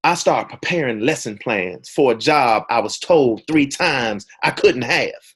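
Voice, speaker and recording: A man telling a personal story to an audience as a motivational speaker, animated and dramatic. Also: mid-range voice, a little slow, slightly rough.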